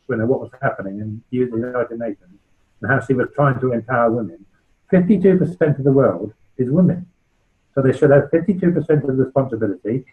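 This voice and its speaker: Heard through narrow, tinny audio, a medium-pitched man with a West Country accent gives a club an informal talk. In his sixties and the founder of a charity, he tells anecdotes in a chatty way and keeps checking in with "right?".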